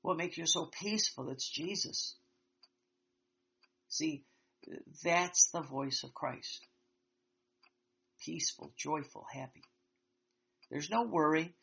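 A man giving an earnest, reflective spiritual talk, slow and halting with many restarts. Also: fairly high pitch, creaky, sharp tone, husky. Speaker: religious teacher. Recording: dull lo-fi sound.

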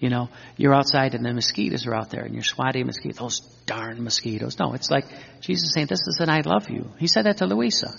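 A man's voice: medium pitch, quick pace, vocal fry, few pauses, fairly bright tone, breathy edge, long reverb tail, muffled recording. A man teaching in an earnest sermon style, repeating phrases and quoting scripture. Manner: earnest, repetitive, quotes scripture. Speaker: religious teacher.

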